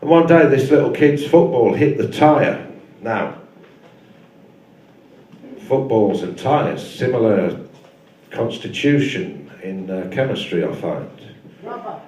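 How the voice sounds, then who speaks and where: A man's voice: mid-range voice, big pitch swings, slow, long pauses, darkish tone, a little hiss or hum. A male stand-up comedian doing a live set, telling a rambling story with dry asides. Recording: echoey live room from far off.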